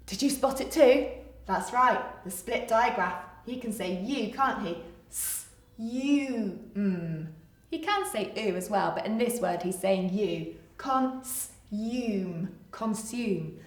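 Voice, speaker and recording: A woman's voice: medium pitch, unhurried. A woman, a primary teacher who reads a picture book aloud in a sing-song way and then gives a coaxing phonics lesson to young children. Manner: animated, sing-song storytelling, coaxing and encouraging. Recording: echoey room.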